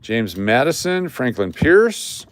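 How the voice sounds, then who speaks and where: A man with a medium-pitched, very animated voice speaks at a slow pace with no room sound. He hosts a casual live stream running coin giveaways, chatting repetitively and calling out viewers by name as he hands out prizes.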